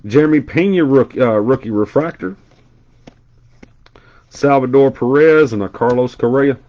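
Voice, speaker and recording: A man's voice: mid-range voice, normal speed, dull audio. A man hosting a card break on a casual live stream. He chats and tells stories as he rattles off card names.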